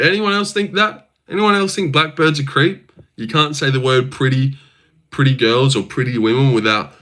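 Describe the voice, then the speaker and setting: A man's voice: medium pitch, moderate pace, bright, forceful tone. A young man livestreaming, casually reading viewer messages aloud and teasing his chat. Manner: reads viewer messages aloud and teases chatters.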